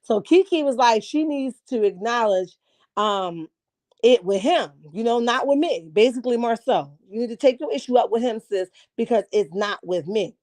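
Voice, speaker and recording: A woman recapping a reality show in a lively, laughing, slangy way, chatting with her live viewers and calling them honey and baby. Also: on the high side, moderate pace, no echo. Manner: animated, laughing storyteller, slangy and blunt; calls her viewers 'baby', 'honey' and 'child'. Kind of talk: casual recap chat, reading live chat.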